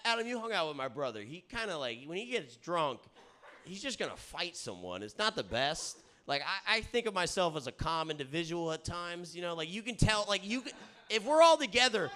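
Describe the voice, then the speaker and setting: A rowdy young man spins a sweary story among friends, his voice bright and cutting. He sits a little higher than most men and keeps pausing to ask if everyone is following, growing louder as he gets excited. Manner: rowdy, swearing, keeps saying "all right?" and "dude"; gets loud and excited at times. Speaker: comedy podcast host. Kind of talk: casual storytelling chat.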